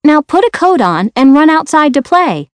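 A woman's voice: high voice, sing-song, moderate pace, dry recording, pitched above the performer's own voice. A woman voicing a kind, talkative young female maid from Yorkshire with a Yorkshire accent, in a storybook reading. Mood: scolding.

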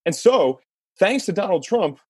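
A man hosting a podcast, telling a sports story in a lively casual way and laughing as he talks. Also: high voice, a little slow, slightly rough, no echo. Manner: animated storyteller, laughs mid-sentence. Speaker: podcast host.

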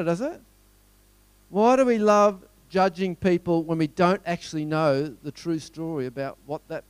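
Australian man, middle-aged, storytelling speaker, rhetorical questions, smooth clear voice, dry close sound. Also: a little high, no room sound. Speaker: motivational speaker. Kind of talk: storytelling talk to a live audience.

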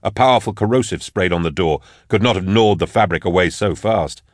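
A man narrating a dark fantasy story with measured, dramatic delivery. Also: sits low, dry recording, studio quality. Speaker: audiobook narrator. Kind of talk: scripted narration.

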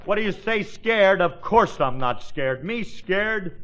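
A brash, bragging man with a fairly high voice, blustering through every line. It is old-time radio comedy, and the broadcast sounds dull and lo-fi. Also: expressive, slow pace, heavy background noise. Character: blustering, boastful bandleader-dad. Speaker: comic lead. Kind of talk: 1940s radio acting.

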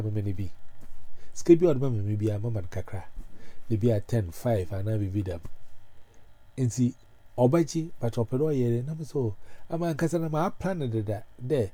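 Ghanaian man, loose rambling talk full of fillers, very dark tone, dry close sound. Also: mid-range voice, lively intonation, normal speed, pauses often, dry recording. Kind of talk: casual chat mixing pidgin and Twi.

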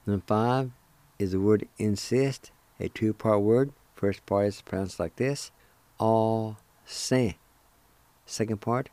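Language teacher, male: low, mellow voice, very slow and careful, dry close recording, spells syllables one at a time. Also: dry recording.

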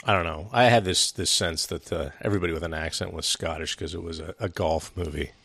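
A man with a low, gravelly voice co-hosts a casual movie review podcast. He is blunt and casually profane, with plenty of loose fillers. The sound is close and dry. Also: fast, bright, forceful tone, dry recording. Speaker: podcast co-host.

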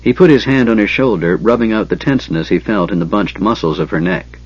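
A man narrating a fantasy novel in a measured storytelling manner. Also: fairly low pitch, slightly rough, lo-fi sound. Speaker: audiobook narrator.

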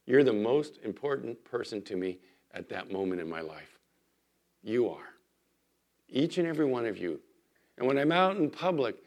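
A man, a pastor, giving a sermon in church, telling everyday stories in a conversational way with lively emphasis. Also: medium pitch. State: recovering from illness.

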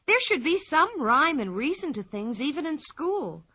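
A woman's voice: sits high, sing-song, a little slow, pushed and bright, no echo, pitched above the performer's own voice, full character voice. A woman reading a storybook aloud, voicing a bold, cheeky young girl in a brash, indignant manner.

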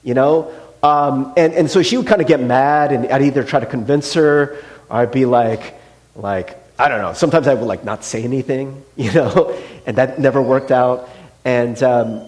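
A man's voice: mid-range voice, normal speed, darkish tone. A man, a pastor, telling personal stories in a conversational, self-deprecating sermon full of fillers. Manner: chatty, self-deprecating storytelling with many fillers.

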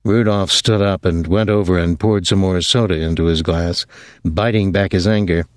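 A man reading a novel aloud as an audiobook narrator, in an even, unhurried way. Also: low voice, no room sound. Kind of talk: scripted narration.

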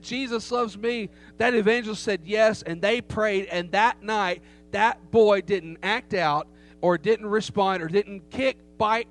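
Preaching a sermon to his congregation, a middle-aged pastor speaks in a high, fairly bright voice, telling a story with emphasis and rhetorical questions. There's a faint hum in the background.

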